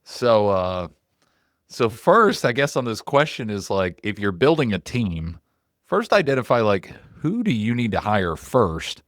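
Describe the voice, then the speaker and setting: A middle-aged podcast co-host with a lowish voice chats in a loose, animated, unhurried way, swearing now and then and leaning heavily on "like" as a filler. The recording is dry and close, with no room sound around him.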